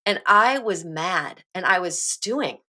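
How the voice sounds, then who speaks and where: A woman with a bright, forceful voice shares a personal story on a podcast. She talks in an animated, frank way, with an occasional curse word. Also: fairly low pitch, a little slow. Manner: animated, candid storyteller who swears now and then. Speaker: podcast co-host. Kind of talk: casual chat, personal storytelling.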